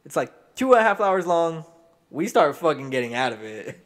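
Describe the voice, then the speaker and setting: Brief: young male podcast co-host, high and animated, swears casually. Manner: loose, swearing, quick to laugh and quote films. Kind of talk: casual chat.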